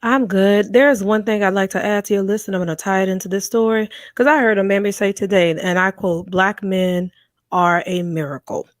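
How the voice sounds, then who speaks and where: Forceful woman caller, dry sound. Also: medium pitch, steady tone, a little fast, hardly any pauses, no echo. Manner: forceful, profane, preachy. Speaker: guest caller. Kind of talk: heated commentary.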